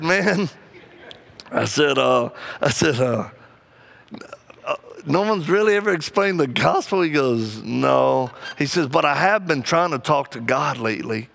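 A man preaching a sermon, telling personal stories and acting out the people in them with lively, animated delivery. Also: medium pitch, creaky. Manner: animated, acts out quoted people, laughs often.

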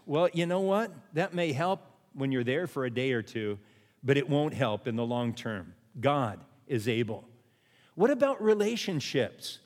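A man's voice: mid-range voice, big pitch swings, measured pace, long reverb tail. A man preaching a sermon as pastor, who repeats refrains and asks his listeners questions.

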